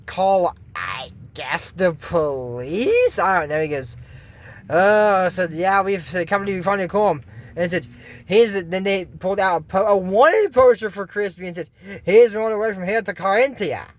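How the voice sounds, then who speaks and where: Rambling, excitable young-sounding male recapper. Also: sits high. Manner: rambling, filler-heavy, excitable, jokey asides. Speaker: YouTube cartoon commentator. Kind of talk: casual recap commentary.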